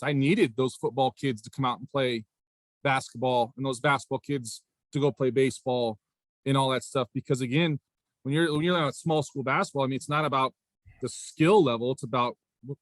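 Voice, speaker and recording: A man in his forties, a high school basketball coach and athletic director, telling stories in a casual interview with a rambling manner, often circling back with "again" and "right?". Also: no room sound. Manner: rambling, repeats "again" and "right?", frequent restarts.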